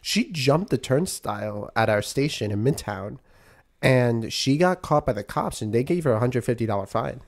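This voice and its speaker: A young man from New York co-hosting a podcast, ranting in a casual, animated way and laughing often. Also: medium pitch, normal speed, gravelly. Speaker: podcast co-host. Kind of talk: casual chat.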